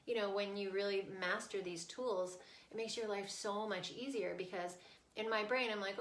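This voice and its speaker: A woman's voice: medium pitch, steady tone, normal speed. A woman parenting coach explaining, earnestly and casually, how to stay with a child through a tantrum. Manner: earnest, explaining, checks in with "right?". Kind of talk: casual teaching talk. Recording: echoey room.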